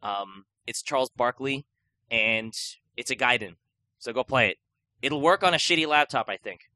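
A young man riffs on a podcast in loose, rambling chat, tripping over his words and stacking fillers. His voice is bright and forward. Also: mid-range voice, no echo. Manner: rambling, rapid, full of fillers and restarts. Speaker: podcast co-host. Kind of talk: casual chat.

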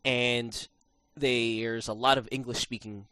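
A man hosting a podcast, telling an animated story in casual chat, with many restarts and fillers. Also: mid-range voice, slow, no echo. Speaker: podcast host.

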